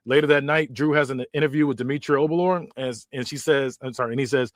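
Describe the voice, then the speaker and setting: Man narrating in a hurried, stumbling way. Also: a little high, fairly even intonation, no room sound, studio quality. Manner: hurried, with frequent restarts and self-corrections. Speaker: podcast host. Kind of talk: casual story narration.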